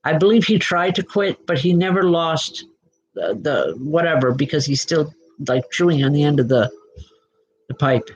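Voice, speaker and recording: Her voice is low-pitched but lively in intonation and slightly rough, moving at a moderate pace. As host of a live spiritual reading show, this medium reassures viewers by name, uses many fillers and restarts, and regularly asks "okay?". The audio sounds dull.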